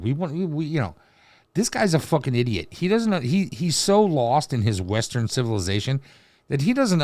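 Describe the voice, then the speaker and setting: A man with a medium-pitched, somewhat dark voice hosts a reaction video, recorded without echo. His commentary is profane and crude, full of mocking, rambling rants and nonstop swearing.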